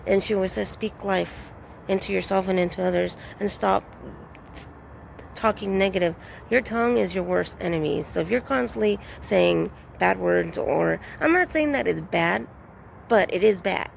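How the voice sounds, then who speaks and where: A woman's voice: medium pitch, moderate pace, vocal fry, a little hiss or hum. A woman rambling through a casual vlog outdoors, telling her story in a chatty way with lots of fillers. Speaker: vlogger.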